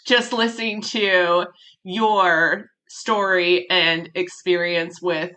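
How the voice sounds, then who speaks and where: A woman hosting a podcast in casual chat, candid and animated, swearing freely and laughing often. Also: fairly low pitch, takes it slowly. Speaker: podcast host.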